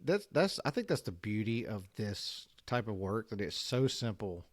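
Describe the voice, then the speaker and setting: A man's voice: lowish voice, big pitch swings, moderate pace, no echo. A man co-hosts a casual podcast, recorded in a dry, close sound. He reflects on his work and restarts his sentences often. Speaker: co-host.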